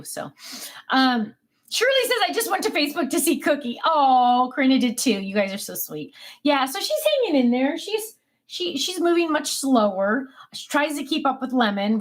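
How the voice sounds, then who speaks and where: A middle-aged woman casually chatting on a home craft livestream, reading viewer comments and rambling with many ums. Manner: calls out to her dogs in a high sing-song voice. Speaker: livestream host of a craft channel. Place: home office.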